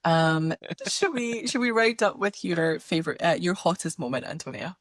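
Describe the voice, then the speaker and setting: A woman's voice: lowish voice, expressive, normal speed, no echo, clean studio sound. A woman co-hosting a podcast in casual chat, gushing and laughing often. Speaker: podcast co-host.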